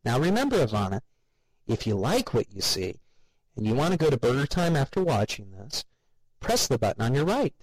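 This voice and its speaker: A man voicing an eager female colleague pitching an ad in a storybook reading. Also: big pitch swings, fairly quick, slightly rough, dry recording, low-quality recording. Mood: enthusiastic. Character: woman ad pitcher, eager and perky.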